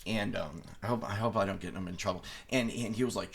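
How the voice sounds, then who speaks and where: A man with a fairly low voice, talking casually as a guest on an interview show. He rambles through his anecdotes, restarting sentences and breaking into laughter, and he comes across as someone from the United States. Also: fast, creaky, fairly bright tone, slightly rough. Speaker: guest illusionist.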